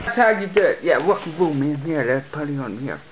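A man's voice: a little high, lively intonation, fast. A young man joking and laughing through a casual handheld vlog outdoors. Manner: playful, jokey, laughs a lot. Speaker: vlogger. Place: outdoors in a park. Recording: dull lo-fi camcorder audio, loud hiss.

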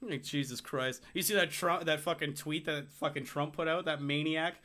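A man's voice: on the high side, steady tone, normal speed, pushed and bright. A man hosting a casual podcast, ranting heatedly and swearing a lot, slipping into quoted voices. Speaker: podcast host. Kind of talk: casual chat.

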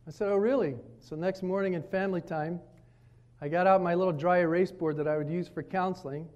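A man preaching at a retreat, telling stories and acting out his children's lines in a lively, varied way. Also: sits high, fairly quick, highs cut off. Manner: storytelling preacher, animated, quotes his kids. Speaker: pastor. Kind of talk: sermon at a retreat. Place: retreat meeting room.

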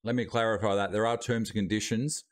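A man with an Australian accent chats casually on a live stream, his voice sitting a little low. He keeps talking through mouthfuls of food, loose and unscripted, into a streaming mic with a noise gate. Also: fairly even intonation, quick pace. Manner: chatty, talking while eating.

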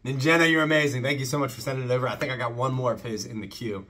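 A man's voice: mid-range voice, steady tone, racing, pushed and bright. A man hosting a casual faith-based music reaction, talking with enthusiasm and breaking into short preaching asides. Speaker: reaction channel host.

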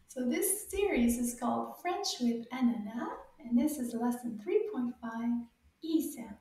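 A high-voiced woman leads a children's language lesson in an unhurried, encouraging way, stretching out sounds for little ones to copy. Her tone is mellow rather than bright. She sounds far from the mic in a very echoey room. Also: expressive. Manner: slow, cheerful and encouraging, exaggerated sounds for repetition. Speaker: French teacher for children.

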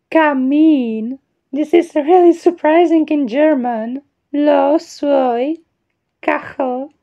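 A high-pitched woman speaking English as a learner, unhurried and chatty, with a self-deprecating laugh at the words she reads. The recording sounds dull and lo-fi. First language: not English. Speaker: video creator. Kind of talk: reading out a word list.

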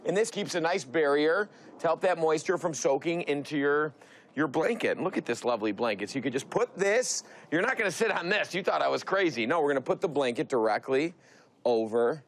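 A man's voice: a little high, expressive, a little fast. A man co-hosting a TV cooking show, demonstrating a tip in a breezy, joking way from a studio kitchen. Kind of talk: TV cooking demo.

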